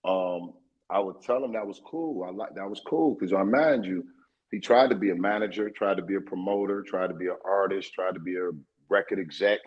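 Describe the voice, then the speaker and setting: A man, a guest in a casual interview, telling a story in a streetwise and profane way, getting more animated as he goes. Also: deep voice, a little fast, slightly rough, lo-fi sound.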